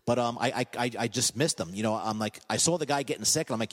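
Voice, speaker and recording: A man's voice: fairly low pitch, quick pace. Man telling hypnotist stories, reverby room. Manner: animated, laughs often at his own stories. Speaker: hypnotist guest. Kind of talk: casual storytelling on a comedy podcast.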